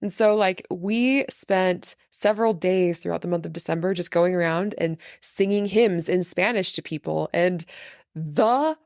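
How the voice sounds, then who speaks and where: A woman in her thirties hosting a podcast, telling a story in a relaxed, animated way and laughing often. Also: fairly low pitch, measured pace, no echo, studio quality. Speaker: podcast host. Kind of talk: casual storytelling chat.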